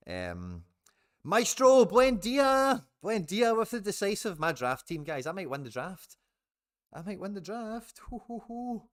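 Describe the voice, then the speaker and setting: A man with a Scottish accent giving chatty live commentary on a football match to his stream viewers, now and then swearing. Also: lowish voice.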